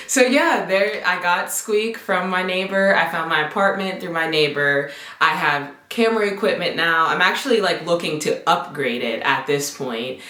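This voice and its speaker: A young woman spins a casual storytime for her vlog, chatty and animated, slipping into the voices of people she quotes. Her voice sits a little low for a woman, and the room around her rings with echo. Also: normal speed. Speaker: vlogger. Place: home apartment. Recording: echoey room.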